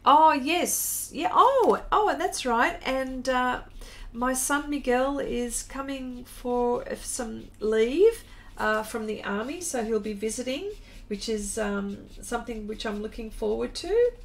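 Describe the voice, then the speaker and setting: Middle-aged woman, live stream host, casual chat while drawing, slightly high voice, creaky. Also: lively intonation, fairly bright tone. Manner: chatty, unhurried, reads viewer comments aloud. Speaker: artist hosting a live stream.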